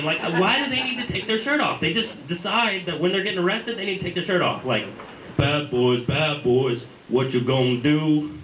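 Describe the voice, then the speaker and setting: In a tinny, echoey amateur recording from a small bar, a young man does stand-up, his fairly high voice heard over background noise. He rambles, stumbling through fillers and restarts.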